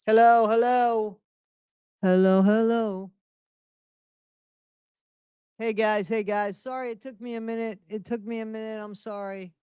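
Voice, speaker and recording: A woman's voice: a little high, fairly even intonation, fairly quick, few pauses, darkish tone, clean tone, no room sound, studio quality. A middle-aged woman hosting a casual live stream from home, greeting viewers by name and repeating her phrases. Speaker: livestream host.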